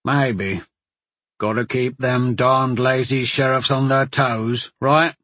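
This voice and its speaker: A man's voice: mid-range voice, fairly even intonation, slow pace, a bit bright, no echo. A man voicing a blunt, skeptical male soldier in a fantasy audiobook. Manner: blunt, grumbling then encouraging.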